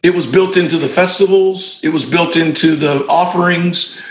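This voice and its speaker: A man's voice: fairly high pitch, steady tone, moderate pace, reverberant, poor audio. A middle-aged male pastor telling stories in a reflective conversation, often restarting and correcting himself. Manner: reflective storytelling with frequent restarts and self-corrections. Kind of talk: conversational discussion among fellow pastors.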